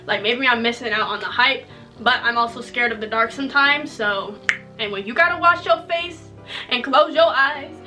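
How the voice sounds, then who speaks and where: Brief: young female vlogger, bright and slightly high, chatty jokey storytelling, mic a bit distant. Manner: chatty, joking, says "okay?" often. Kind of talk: casual storytelling to viewers.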